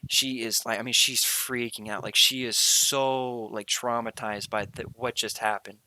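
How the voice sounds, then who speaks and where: A man's voice: medium pitch, steady tone, normal speed, pushed and bright, rough recording. A young man hosting a podcast, telling a long story in a casual, rambling way, full of fillers and slang. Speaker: podcast host.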